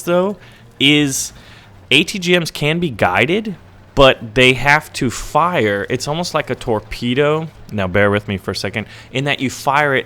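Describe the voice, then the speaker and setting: A young man hosts a gaming channel, talking over gameplay in a mid-range voice. He's chatty and excitable, tends to ramble, and keeps checking in with "right?"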